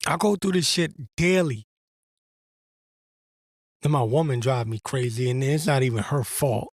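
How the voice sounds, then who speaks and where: A man's voice: mid-range voice, measured pace, no room sound, studio quality. A man giving a blunt, profane religious monologue as host, in an exasperated and crude manner. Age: adult veteran.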